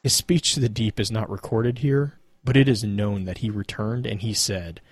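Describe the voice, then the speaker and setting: A man reading a dark myth aloud in a measured, solemn storytelling manner. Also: fairly low pitch, steady tone, slightly rough, no room sound. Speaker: lore reader.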